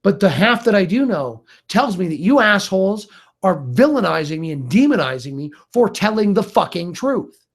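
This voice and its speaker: A man's voice: sits high, big pitch swings, moderate pace, breathy edge. A middle-aged man delivering an angry, profane rant to camera as a video blogger, heated and exasperated.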